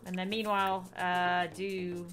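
A woman's voice: lowish voice, level tone, a little slow, fairly bright tone, soft background music. A young woman playing a life-simulation game and commenting, reading the game text aloud, often shrieking and laughing. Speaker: gaming YouTuber. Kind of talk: Let's Play commentary.

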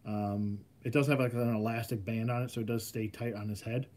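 A man's voice: on the low side, steady tone, brisk, a little mellow. A man casually chatting on a live stream about custom action figures, rambling with plenty of fillers. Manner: rambling, filler-heavy, easygoing.

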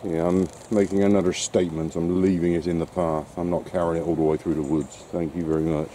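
A low-voiced, mellow man strolls outdoors with his dog, making dry, wry asides as he goes. Faint outdoor wind and water noise sits under his voice. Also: flat delivery, quick pace. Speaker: dog-walking vlogger. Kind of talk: casual walking commentary to his dog. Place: outdoors on a wet shore and woods.

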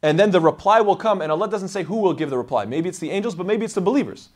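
Guy teaching quran verses, talks real fast, kinda high voice, animated. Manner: animated, acts out voices in quotes. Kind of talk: explanatory religious lecture.

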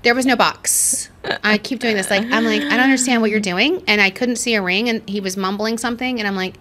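A woman's voice: fairly high pitch, fairly quick. A woman, co-hosting a podcast and telling a story with lots of acted-out quotes. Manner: animated storyteller, acts out quotes. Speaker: podcast co-host. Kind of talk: casual chat.

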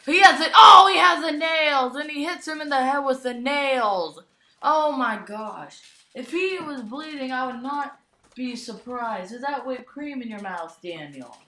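A young woman giving an excited play-by-play commentary on a toy wrestling match, often breaking into shouted exclamations. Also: high-pitched. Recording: echoey room.

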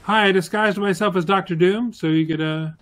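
A man giving casual, joking commentary while playing a video game, with excitable outbursts. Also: sits high, fairly quick. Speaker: gaming streamer.

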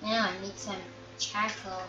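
A woman narrates a let's-play in a chatty way, grumbling about the game and scolding the animals she sees. Her medium-pitched voice has little pitch movement and a measured pace. The sound is dull and echoey from a distant mic, with game music behind it.

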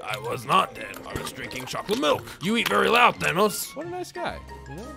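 A man hosting a gaming video, joking through playful commentary with bursts of loud exclamations. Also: high-pitched, wildly swooping pitch, fairly quick, gravelly, over music.

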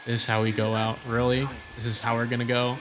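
A man's voice: medium pitch, monotone, fast, noisy background. A young man giving casual let's-play commentary, reacting with crude, sarcastic jokes. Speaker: gaming voice-over streamer.

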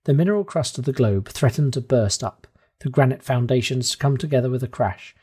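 A man narrating a classic novel aloud in a steady, measured first-person storytelling manner. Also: mid-range voice, breathy edge. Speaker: audiobook reader.

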